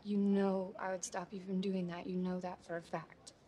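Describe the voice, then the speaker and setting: A woman's voice: fairly low pitch, level tone, moderate pace, dark tone, slight background noise, natural voice. An actress playing a hurt young woman, answering with biting sarcasm. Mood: sarcastic. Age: young adult. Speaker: film character. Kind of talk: film drama acting.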